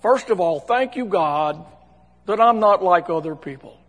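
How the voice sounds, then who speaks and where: A man's voice: high-pitched, lively intonation, unhurried, fairly bright tone, heavily acted. A preacher doing a smug Pharisee man. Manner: pompous, self-satisfied. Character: smug self-righteous male Pharisee praying. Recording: long hall reverb.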